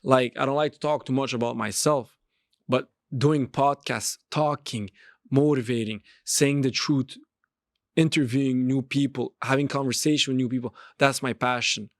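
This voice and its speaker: Guy doing a pumped-up motivational podcast rant, mid-pitched voice, keeps repeating himself, dry close mic. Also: fairly even intonation, moderate pace, no echo. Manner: emphatic, repeats phrases and restarts. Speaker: podcast host and street pastor. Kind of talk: motivational monologue.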